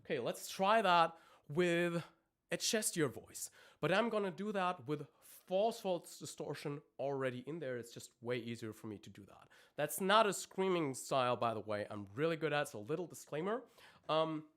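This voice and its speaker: A man's voice: fairly high pitch, lively intonation, moderate pace, fairly bright tone. A man, a vocal coach, explaining singing technique in a live-streamed lesson, with many ums and restarts as he talks. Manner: explains technique, breaks off to demonstrate screams.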